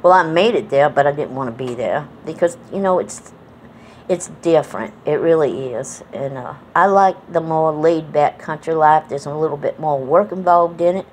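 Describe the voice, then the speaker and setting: Low-pitched and at normal speed, a middle-aged woman from New England rambles through a casual reminiscing vlog with slight background noise. She uses many fillers in a folksy way, and her accent mixes Southern and New England American.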